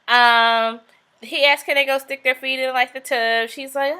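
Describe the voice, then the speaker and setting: Young woman, chatty and sassy recap host; bright tone, slightly high pitch. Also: normal speed. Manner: chatty, sassy asides, acts out quotes. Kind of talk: casual recap commentary.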